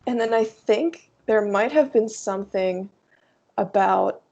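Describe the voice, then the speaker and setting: Young woman guest, native Russian speaker, gravelly fry, casual and chatty. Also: medium pitch, unhurried, a little mellow. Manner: chatty, laughs often, many "like" fillers. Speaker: guest, language YouTuber. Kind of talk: casual video chat interview.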